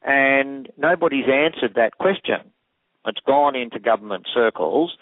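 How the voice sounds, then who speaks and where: A man's voice: mid-range voice, animated, measured pace, no room sound. A man, an acoustic engineer explaining technical details methodically in an interview. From Australia. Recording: tinny phone line.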